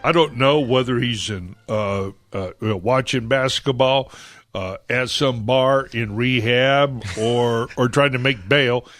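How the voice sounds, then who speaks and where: A man hosting a political talk radio show, opinionated and halting, with many fillers and restarts. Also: medium pitch, fairly bright tone, dry recording.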